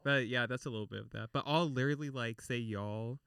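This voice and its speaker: Young man, Texan southern accent, rambling casual chat, smooth crisp tone. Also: mid-range voice, fairly quick, fairly bright tone, no room sound, studio quality. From Texas. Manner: rambling, heavy use of filler words.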